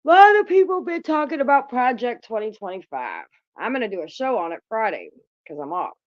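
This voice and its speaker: Casting: woman host, lively swooping voice, blunt and profane, casual chat, dry dull phone sound. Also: a little high, brisk, no echo. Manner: blunt and profane, chatting with viewers. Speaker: livestream host.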